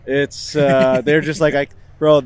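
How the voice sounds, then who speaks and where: A man's voice: fairly high pitch, flat delivery, measured pace, a little mellow, clear, resonant tone. A man co-hosting a golf podcast outdoors at a range, chatting in a laid-back, slangy way. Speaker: podcast host. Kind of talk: casual chat.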